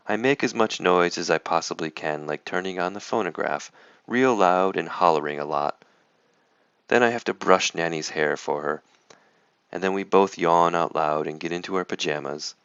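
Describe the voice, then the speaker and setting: A man with a very low, smooth voice reads a children's picture book aloud with lively expression. The sound is dry and close. The recording is a little muffled. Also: normal speed, no room sound. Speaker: storybook reader.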